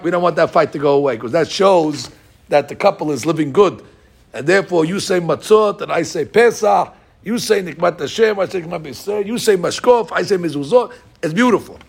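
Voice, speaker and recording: A man teaching a Torah lesson, acting out the dialogue he quotes with lively swings in his voice. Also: vocal fry, breathy edge. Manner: animated, acts out quoted dialogue with rising pitch.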